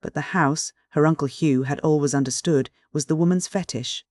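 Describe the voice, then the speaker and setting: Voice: medium pitch, moderate pace, darkish tone, dry recording. Dry, close audiobook narration. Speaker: audiobook reader. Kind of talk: scripted narration of a classic novel.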